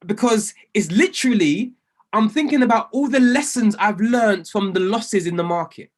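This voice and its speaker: A man, coaching a group on trading in an animated, preacher-like way with lots of emphasis and repetition. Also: high voice, normal speed. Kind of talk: motivational talk to a group.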